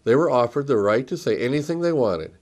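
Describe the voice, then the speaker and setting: A man's voice: medium pitch, lively intonation, fairly quick, darkish tone. A man hosting a commentary show, presenting and introducing clips in a scripted way.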